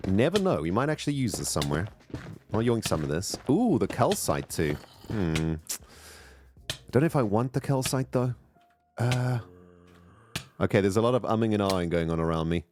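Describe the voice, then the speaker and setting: Animated, excitable male game streamer. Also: lowish voice, moderate pace, pauses often, background noise. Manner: chatty, excitable, greets viewers. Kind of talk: casual live gameplay chat.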